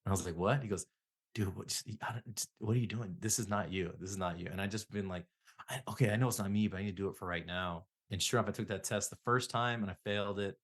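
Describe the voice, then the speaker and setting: A man's voice: fairly low pitch, steady tone, fast talker, fairly bright tone. A middle-aged man, a psychotherapist guest, telling rambling self-deprecating stories in a casual interview.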